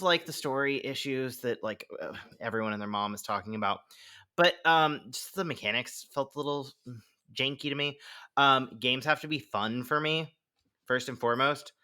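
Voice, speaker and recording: Man, podcast co-host, bright tone, casual and animated chat. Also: mid-range voice, moderate pace, clear, resonant tone. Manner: animated, laughs often, quotes himself in funny voices.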